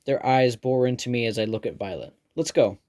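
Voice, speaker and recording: A man reading a first-person novel aloud with steady storytelling delivery. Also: medium pitch, fairly quick. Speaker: audiobook narrator. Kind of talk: scripted first-person narration.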